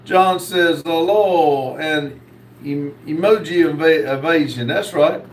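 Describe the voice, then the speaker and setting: A man hosting a live stream, reading viewer comments aloud and answering them, with many pauses and fillers. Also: on the high side, echoey room, recorded from a distance, rough recording. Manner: slow, reads comments aloud with many uhs. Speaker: host reading live chat. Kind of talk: casual live stream chat.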